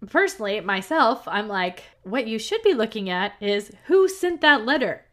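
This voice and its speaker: A woman's voice: a little high, very animated, normal speed. Giggly woman chatting about a movie. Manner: giggly, laughs between remarks. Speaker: podcast co-host. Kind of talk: casual movie discussion.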